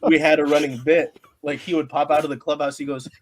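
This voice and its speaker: A man's voice: on the high side, level tone, fast talker, slight background noise. A man from the Pacific Northwest telling stories as a guest on a casual sports podcast, rambling with many fillers and laughing often. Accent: Pacific Northwest American. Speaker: sports media creator, guest. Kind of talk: casual podcast interview storytelling.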